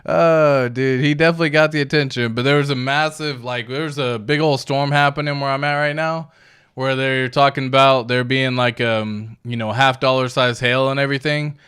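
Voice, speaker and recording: A man's voice: mid-range voice, steady tone, normal speed, fairly bright tone, smooth. A man hosting a casual crypto livestream, reading viewer comments aloud in a laid-back, slangy way and chuckling often.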